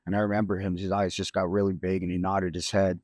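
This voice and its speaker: A middle-aged man, a grieving father, telling a personal story on a podcast in a halting, reflective way with many restarts. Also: deep voice, flat delivery, a little mellow, dry recording, studio quality. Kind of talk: emotional storytelling.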